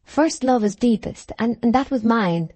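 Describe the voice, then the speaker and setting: A man's voice: very high voice, animated, moderate pace, a little mellow, dry recording, pitched above the performer's own voice, exaggerated voice. A woman narrator voicing an earnest, bitter young man who argues passionately with an older rival over the woman he loves.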